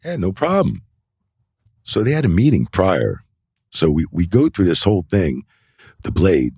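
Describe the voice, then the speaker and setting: A wrestling referee in middle age chats casually in an indoor interview, telling loose, animated anecdotes peppered with "you know" and "like," performing the voices he quotes. He speaks low-pitched and slightly rough at a moderate pace, captured in a dry, studio-quality recording.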